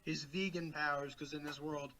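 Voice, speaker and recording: Over a remote call with poor audio and a slight hiss or hum, a male podcast co-host rambles casually about movies, full of fillers and restarts. His voice sits fairly high, with a steady tone, a moderate pace, and a pushed, bright quality.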